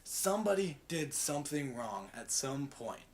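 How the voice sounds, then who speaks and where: A man's voice: a little high, very animated, moderate pace. A young man telling a story in a casual devotional talk, rambling along with lots of "like" and "right?". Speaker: student giving a devotional.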